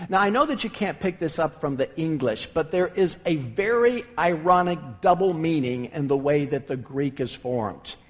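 A man preaching a sermon as a pastor, emphatic and animated, often restarting phrases. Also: fairly high pitch, normal speed, hardly any pauses, long reverb tail.

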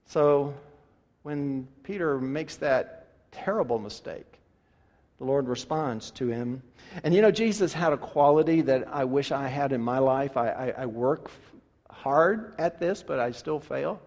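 A man delivering a sermon as a pastor, animated and full of rhetorical questions, swinging from loud to hushed. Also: mid-range voice, measured pace. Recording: long reverb of a large hall.

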